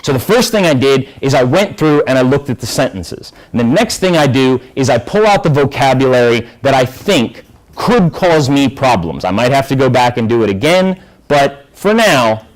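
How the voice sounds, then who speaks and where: A man's voice: medium pitch, moderate pace, low-quality recording. A man teaching an English class, explaining and asking students questions. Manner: lively, asks the class questions. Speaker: high school English teacher.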